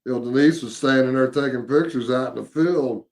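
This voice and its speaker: A man, casually recounting a paranormal investigation, halting with many fillers and repeated words. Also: mid-range voice, a little mellow. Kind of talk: casual storytelling chat.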